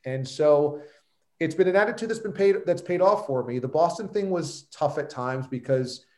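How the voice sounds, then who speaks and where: A man's voice: on the high side, expressive, moderate pace, a little mellow, echoey room. A man, talking as a podcast guest who tells his story in a confident, emphatic way. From New York. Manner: emphatic and self-assured storytelling. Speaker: guest, sports radio host. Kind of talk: podcast interview.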